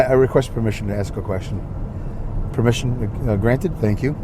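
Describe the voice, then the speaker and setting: A middle-aged man hosts a solo podcast, rambling through a monologue sprinkled with wry, sarcastic asides. His voice is medium-pitched with a darkish tone, and there's a little background noise.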